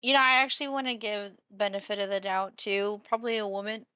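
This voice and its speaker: Bright-voiced hesitant woman, lo-fi audio. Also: medium pitch, fast, clear, resonant tone, dry recording. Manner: hesitant, lots of fillers, rambling. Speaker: panelist. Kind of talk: casual panel discussion.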